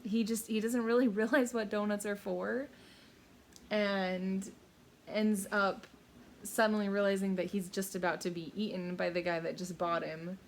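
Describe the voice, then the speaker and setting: A woman's voice: mid-range voice, little pitch movement, unhurried, slight background noise. Chatty woman vlogging a book haul. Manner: chatty, upbeat, many fillers and restarts. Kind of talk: casual book haul chat.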